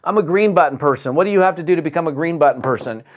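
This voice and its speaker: A man from the United States giving an energetic, conversational motivational talk on business, often restarting phrases and acting out quotes. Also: on the high side, rapid-fire, muffled recording. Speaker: network marketing speaker.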